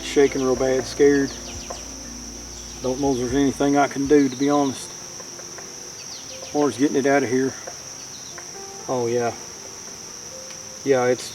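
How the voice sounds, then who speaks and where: There is a little hiss or hum as this man talks a little slowly, leaving long pauses. His mid-range voice is a little mellow with little pitch movement. A folksy outdoor vlogger, he narrates a casual camping vlog from the woods and chats with viewers he calls "y'all."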